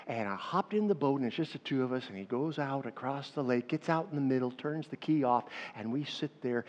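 A man preaching a sermon, dropping to a hush for stories and then rising to loud calls to the congregation. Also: mid-range voice, a little fast, hardly any pauses. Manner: animated, swings between hushed storytelling and loud calls to the crowd. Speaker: pastor. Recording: dull sound with long hall reverb.

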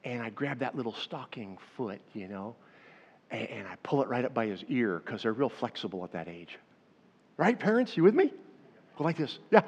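Preaching with a fairly high voice at a slightly quick pace, this man in his fifties tells lively stories and addresses his congregation head-on. He's a pastor, captured in an echoey hall with dull, lo-fi audio.

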